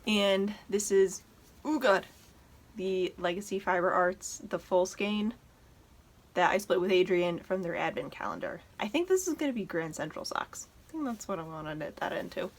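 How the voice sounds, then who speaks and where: A woman's voice: lowish voice, normal speed. Chatty woman showing her knitting. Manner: chatty, enthusiastic, talks to her dog. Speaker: knitting podcast host. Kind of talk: casual show-and-tell chat.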